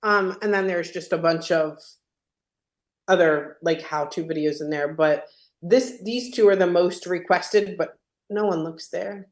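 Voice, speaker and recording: A woman's voice: lowish voice, unhurried. Woman host on a video call, chatty, repeats herself to stress a point, echoey room. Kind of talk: casual webinar Q&A.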